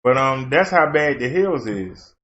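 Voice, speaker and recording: A man's voice: medium pitch, animated, measured pace, fairly bright tone. Folksy rambling man, dull lo-fi sound. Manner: rambling, folksy storytelling with fillers. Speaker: channel host. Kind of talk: casual chat.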